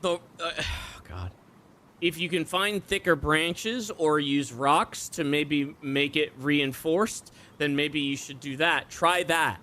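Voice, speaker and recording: A man's voice: fairly high pitch, fairly even intonation, takes it slowly, sharp tone. Exasperated swearing streamer man. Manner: exasperated, profane, laughing. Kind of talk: live gameplay commentary.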